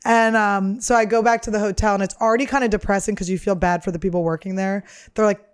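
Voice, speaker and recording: A woman comedian hosts her own podcast in a loose, casual chat. She rambles through candid stories, swearing freely and piling up filler words as she goes. Her voice sits at an ordinary, mid-range pitch. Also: steady tone, quick pace, clear, resonant tone. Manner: rambling, candid, profane storytelling. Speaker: podcast host and stand-up comedian.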